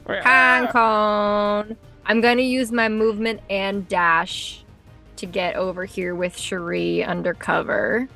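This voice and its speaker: A woman player in a tabletop game, speaking in a deliberate, measured way. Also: medium pitch, fairly even intonation, creaky, a bit bright, faint music behind. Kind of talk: casual tabletop play.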